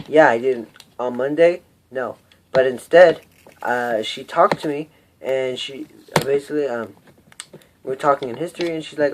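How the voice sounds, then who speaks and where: A man's voice: medium pitch, unhurried, slight background noise. A teenage boy telling a personal story in an unscripted vlog, rambling and self-mocking, hot and sweaty. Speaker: vlogger.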